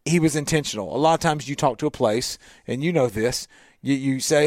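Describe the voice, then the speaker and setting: A man's voice: medium pitch, a little fast, no room sound. A man from Tennessee hosting a casual radio talk show, upbeat and jokey, laughing often, recorded with a studio microphone in a small office. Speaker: radio show host and guest speaker.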